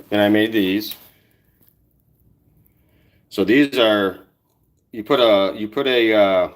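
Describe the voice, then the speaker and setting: A man hosting his first casual woodworking livestream from a cluttered home office, talking in a halting, rambling way with lots of fillers. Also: lowish voice, a bit bright. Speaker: woodworking channel host.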